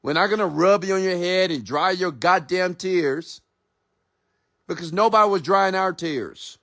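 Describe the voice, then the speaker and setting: A man's voice: high-pitched, measured pace, fairly bright tone. A man who is an entrepreneur and mentor, delivering a blunt, profane, confrontational late-night motivational rant.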